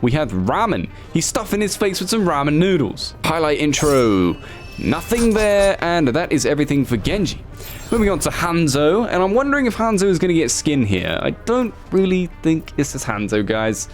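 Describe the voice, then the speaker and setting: An excitable male gaming YouTuber giving casual commentary, with a slightly raised voice that swings widely in pitch. He swears freely and jokingly scolds himself. Faint game music plays in the background. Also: moderate pace.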